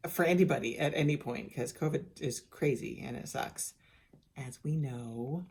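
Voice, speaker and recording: A woman's voice: rumbling low, moderate pace, a little mellow, slightly rough. A middle-aged woman giving a casual personal video update, chatty and candid with many restarts, sounding worn out. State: worn out and tired. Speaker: vlogger sharing a health journey.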